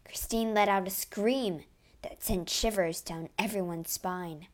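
A woman narrating a children's storybook aloud in an expressive, dramatic way. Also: mid-range voice, a little slow.

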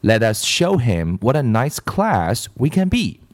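A man's voice: mid-range voice, sing-song, a little slow. A man voicing a prim, fussy female schoolteacher in a storybook reading, in a raised, sugary teacher tone.

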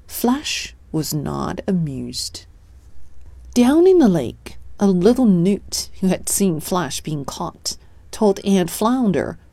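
Woman narrator for a kids' picture book, slow and expressive, mellow, dry close sound. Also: fairly low pitch, creaky, no echo. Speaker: storybook reader. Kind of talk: read-aloud children's story narration.

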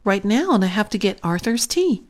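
A woman's voice: medium pitch, very animated, moderate pace, lightly acted. Woman doing a fussing old grandmother.

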